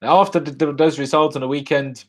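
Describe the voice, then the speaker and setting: A young man live-streaming a rant after a football match, angry and swearing, jumping from loud outbursts to low muttering into a desk microphone. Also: fairly even intonation, a little fast. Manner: angry, swearing, swings between shouting bursts and low muttering.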